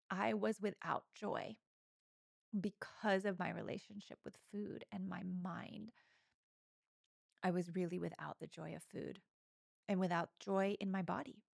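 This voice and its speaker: A woman with a fairly low voice and a gravelly fry talks openly and reflectively, as if in a close conversation. Her voice is recorded dry, with no room sound around it. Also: dry recording. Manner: open, reflective, candid. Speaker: podcast co-host. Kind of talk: intimate conversation.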